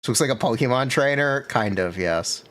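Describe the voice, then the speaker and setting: A man's voice: medium pitch, animated, normal speed, fairly bright tone. A man streaming live and chatting casually with his viewers, laid-back and reacting to chat.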